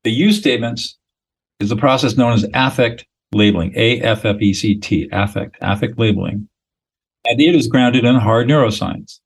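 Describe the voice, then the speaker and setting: A man's voice: medium pitch, moderate pace, gravelly, slightly rough, poor audio. A man speaking as a guest expert in a podcast interview, explaining in a blunt, emphatic, lecturing way with short declarative statements.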